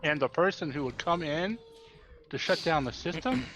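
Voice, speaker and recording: A man's voice: a little high, lively intonation, normal speed, fairly bright tone, a little hiss or hum. A young man chatting on a live game stream, telling a story and acting out the exchanges he quotes. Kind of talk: casual chat while gaming.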